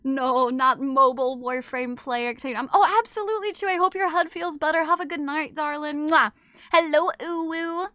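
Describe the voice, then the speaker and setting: A woman streamer chatting casually with her live chat while eating, animated, switching between loud exclamations and low asides, swearing freely. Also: normal speed, few pauses, dry recording, studio quality.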